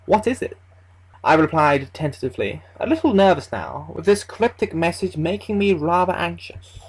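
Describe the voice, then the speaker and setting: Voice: mid-range voice, animated, moderate pace, slightly rough, low-quality recording. A narrator telling a first-person horror story in a casual, conversational way, swearing freely as they go. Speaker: creepypasta narrator.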